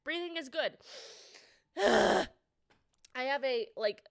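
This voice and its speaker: A woman's voice: high voice, animated, slow pace, long pauses. A woman livestreaming with a slightly nasal voice, chatting casually and greeting viewers by name.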